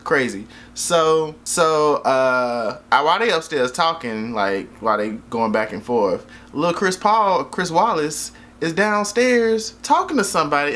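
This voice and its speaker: A man's voice: on the high side, lively intonation, a little slow, sharp tone, a little hiss or hum. Rambling, profane man reviewing a movie. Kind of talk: casual movie review vlog.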